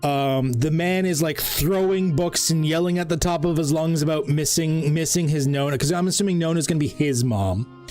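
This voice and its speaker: A man runs a tabletop game, rambling through his narration with plenty of fillers. His voice sits somewhat high, and faint music plays in the background. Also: normal speed, darkish tone. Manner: rambling, laughs often, lots of fillers. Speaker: game master.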